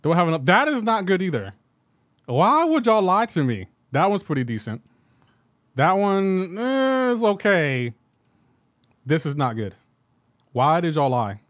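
A man on a live gameplay stream talks to his chat in a high, very lively voice. He is incredulous and laughs often as he reacts. The sound is dry and close, with no room around it. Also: measured pace, pauses often, no room sound. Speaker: gaming livestreamer.

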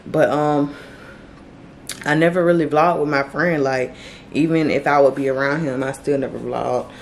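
A woman in her late twenties, a vlogger, talking tearfully and haltingly to camera about her grief, with many fillers and restarts. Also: low-pitched, steady tone, gravelly, a little hiss or hum. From Florida, US. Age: late 20s. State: grieving, tearful. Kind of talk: tearful direct-to-camera vlog talk. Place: indoors, on her bed.

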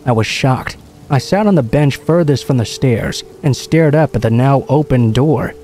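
A man telling a first-person horror story in a steady, measured scripted narration. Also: medium pitch. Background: faint music and rain.

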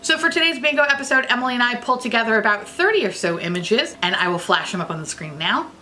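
Bright, lively, giggly woman vlogger. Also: fairly high pitch, fast. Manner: profane, giggly, playful rambling. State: tipsy from drinking. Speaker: beauty vlogger host. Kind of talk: casual chatty vlog.

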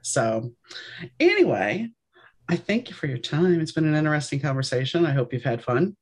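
A woman's voice: deep voice, normal speed, breathy edge. A woman from New Orleans with a New Orleans accent, hosting a podcast and chatting casually, telling stories and acting out what people said. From New Orleans, USA. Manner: animated storyteller, acts out quoted voices. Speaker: podcast host. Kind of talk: casual conversation.

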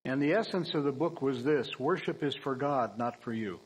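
A man preaching a sermon in a church, earnest and emphatic, with dry humorous asides and frequent throat-clearing. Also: medium pitch, animated, normal speed, poor audio.

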